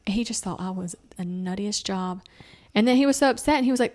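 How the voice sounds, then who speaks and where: Young woman host, mid-pitched and lively, does sing-song voices when she quotes people; chatty, casual family talk. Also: fast. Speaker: podcast host.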